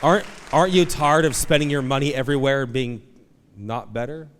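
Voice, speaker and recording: A man preaching a sermon as pastor, animated, breaking into loud, high outbursts as he acts out pleading voices from the story. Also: a little fast, long reverb tail, some chatter behind. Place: church auditorium.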